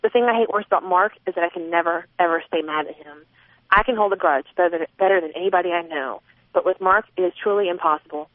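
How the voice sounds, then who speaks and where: A woman's voice: lowish voice, fast, no room sound. A woman narrating a first-person novel, expressively voicing a young girl's thoughts. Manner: expressive, voicing a twelve-year-old girl's inner thoughts. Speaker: audiobook narrator. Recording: narrow phone-like sound, dry.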